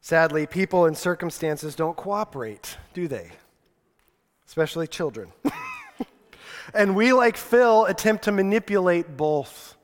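High-voiced male pastor in a reverberant hall. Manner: conversational, repeats key lines for emphasis. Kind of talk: sermon.

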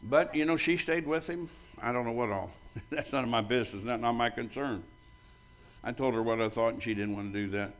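An older man preaches to his congregation in a blunt, storytelling way. His voice sits at an ordinary middle pitch, and he acts out both sides of past conversations. When he jokes with the crowd he gets loud and bold. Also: brisk. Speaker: pastor. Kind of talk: sermon.

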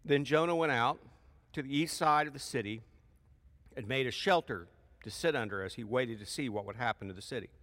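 A man preaching a sermon in a church, lively and emphatic, with folksy asides between loud peaks of emphasis. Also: medium pitch, fairly quick, big-room sound. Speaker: pastor.

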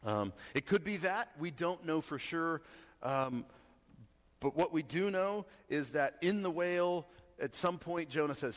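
A man's voice: on the high side, animated, measured pace, long reverb tail. A man giving a casual sermon and reading scripture aloud, talking conversationally and often checking in with his listeners. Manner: conversational, asks the audience. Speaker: preacher.

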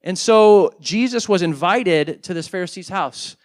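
Pastor guy preaching a sermon, kinda high voice, says like a lot, gets loud then goes real quiet. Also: measured pace. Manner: storytelling, swings between loud emphasis and hushed moments; casual, says "like" often.

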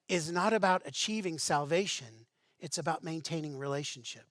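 A man's voice: fairly high pitch, lively intonation, moderate pace, dry recording. Conversational male preacher, dry close sound. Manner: conversational, asks the congregation rhetorical questions. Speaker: pastor. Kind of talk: sermon.

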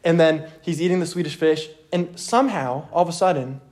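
A young man teaching a youth group from the Bible in a casual, energetic way, often checking in with his listeners. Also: a little high, fairly quick. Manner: energetic, checks in with "okay?" constantly.

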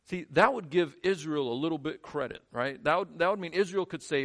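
A male pastor preaching a sermon, shifting between quiet, low lines and emphatic, rising ones. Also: fairly quick, hardly any pauses.

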